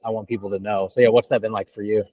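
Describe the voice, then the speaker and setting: A man's voice: lowish voice, level tone, rapid-fire, mellow, dry recording, low-quality recording. A man co-hosting a video call, asking a long, rambling question with enthusiasm. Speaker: co-host.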